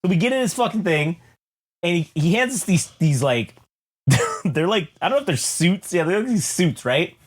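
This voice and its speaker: A man co-hosting a podcast, telling a rambling, profane comic story in a casual, animated way. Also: sits high, moderate pace. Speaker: podcast co-host.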